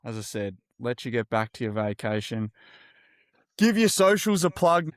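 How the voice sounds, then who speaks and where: An Australian man hosting an interview, enthusiastic and lively with his guest. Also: medium pitch, normal speed, no echo. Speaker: podcast host. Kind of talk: upbeat interview.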